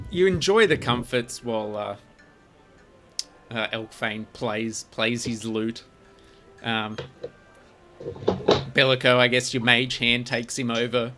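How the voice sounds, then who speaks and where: A man narrating a tabletop game as its game master, describing each scene in turn. His voice is bright and clear at an average pitch, and he often stops and restarts his phrases as he goes. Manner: descriptive, with many restarts and fillers.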